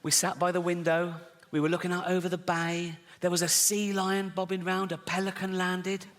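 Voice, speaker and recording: A man's voice: sits high, little pitch movement, normal speed, a bit bright. An English man in his sixties doing stand-up comedy, telling stories conversationally with frequent "right?" asides to the audience. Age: 60s. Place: large theater with audience. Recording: live theater recording with long hall reverb and audience. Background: audience laughter.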